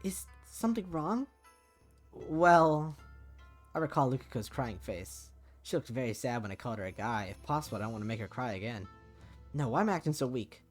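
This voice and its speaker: A man's voice: mid-range voice, fast, soft background music. A man streaming as he reads a visual novel aloud, narrating casually and dropping swearing asides.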